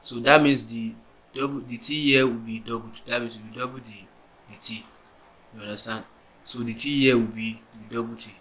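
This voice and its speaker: A man teaches spelling rules for English verbs in a casual classroom way. His voice is bright and forward, with a middling pitch. He spells words out letter by letter, restarts his sentences often and keeps asking whether the listener understands. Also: poor audio. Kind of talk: explaining grammar on a whiteboard.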